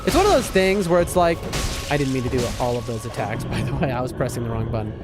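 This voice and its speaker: Over loud game music, a male streamer talks casually, responding to what happens in the game and answering his chat. He speaks fast in a mid-range voice with lively intonation.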